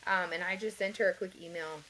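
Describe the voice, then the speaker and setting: A woman's voice: lowish voice, steady tone, quick pace, bright, forceful tone, a little hiss or hum, low-quality recording. A woman guest on a podcast, earnestly telling her personal story in a rambling way, with many fillers and light laughs. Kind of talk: conversational interview, personal story.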